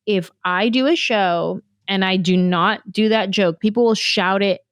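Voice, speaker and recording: Woman from San Jose telling animated stories as a talk show guest, dry studio mic. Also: medium pitch, clear, resonant tone, no room sound, dull audio. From San Jose, California. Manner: animated, fast storyteller who acts out quotes. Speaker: comedian guest. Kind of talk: casual interview storytelling.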